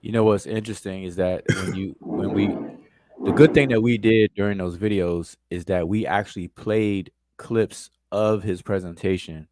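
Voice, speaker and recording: Low-voiced man, dry and analytical. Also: fairly even intonation, moderate pace, darkish tone, dry recording. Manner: analytical, searching for words with fillers. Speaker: co-discussant. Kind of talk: casual discussion.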